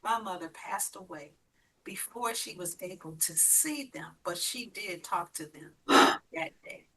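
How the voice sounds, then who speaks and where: A woman's voice: medium pitch, animated, measured pace, bright, forceful tone, far from the mic, a little hiss or hum, rough recording. A woman guest telling her own story, vividly playing out the voices in it. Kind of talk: personal storytelling.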